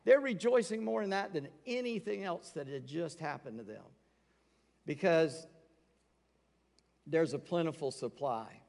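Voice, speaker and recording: Gravelly preacher in an echoing hall. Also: male voice, a little high, animated, measured pace, long pauses, darkish tone. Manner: conversational preaching, acting out quoted voices. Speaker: pastor. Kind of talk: sermon. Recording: long reverb of a large hall.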